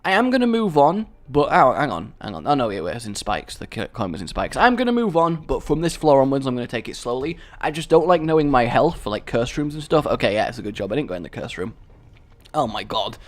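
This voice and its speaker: Animated young man gaming. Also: medium pitch, brisk. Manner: chatty, self-deprecating, excitable outbursts. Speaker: gaming video host. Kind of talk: casual let's-play commentary.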